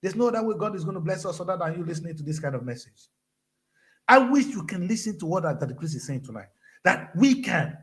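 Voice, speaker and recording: A middle-aged Nigerian man with a Nigerian accent, giving a fiery motivational speech, scolding his listeners and swinging from low grumbles to shouts. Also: expressive, fast. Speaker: event speaker.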